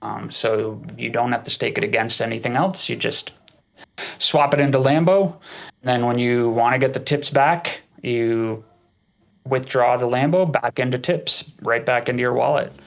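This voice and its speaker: A man's voice: medium pitch, moderate pace, vocal fry. A man hosting a casual online community voice chat, patiently explaining features in a chatty way. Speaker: community host.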